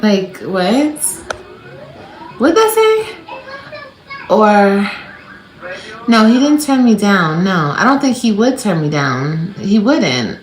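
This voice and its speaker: A woman talking loosely to her viewers in an animated, rambling live chat. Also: medium pitch, takes it slowly, pauses often, echoey room, poor audio. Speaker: livestreamer.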